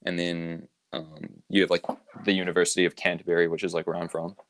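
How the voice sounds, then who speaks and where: A young man with a New Zealand accent, talking in a very low voice with a relaxed, easygoing drawl. He swears casually and leans on fillers. The sound is dry and close. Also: a little fast, no echo. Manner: laid-back, loose and swearing, many fillers. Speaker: podcast guest. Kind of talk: casual chat.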